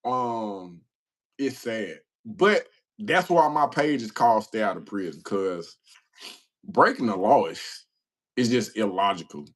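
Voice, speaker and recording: Speaking slowly but animatedly, this fairly low-voiced man hosts a casual livestream where he reads comments aloud. His stories come with slang and self-mockery, and he laughs a lot.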